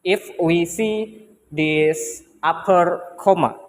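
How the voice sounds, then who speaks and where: Young indonesian guy explaining in class, slow, keeps restarting his sentences. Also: a little high, big-room sound. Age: young adult. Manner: hesitant, often repeats himself. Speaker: student presenter. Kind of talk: classroom presentation.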